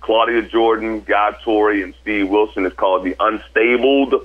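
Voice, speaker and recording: A man's voice: lowish voice, fairly even intonation, normal speed, narrow, tinny audio. A male sports broadcaster, a guest on a talk show, joking and laughing often as he talks about his many jobs. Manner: jokey, laughs often, talks up his busy work life. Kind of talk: casual chat.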